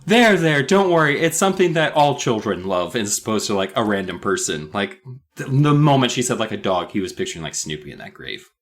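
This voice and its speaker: A man's voice: fairly low pitch, big pitch swings, fairly quick. Rambling, joking man on a podcast. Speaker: podcast co-host. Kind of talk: casual comedic book recap.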